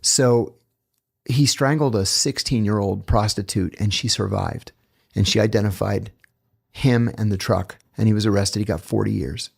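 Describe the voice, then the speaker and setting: A man, a guest author, telling stories in casual chat, animated and blunt, with the odd curse. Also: lowish voice, moderate pace, creaky, breathy edge. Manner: animated, blunt, profane storyteller. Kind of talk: casual storytelling in a podcast chat.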